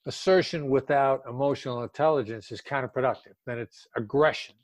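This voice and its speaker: A man's voice: mid-range voice, a little fast, no room sound. An older man speaking as an expert guest in a casual interview, emphatic and drawing out words for stress.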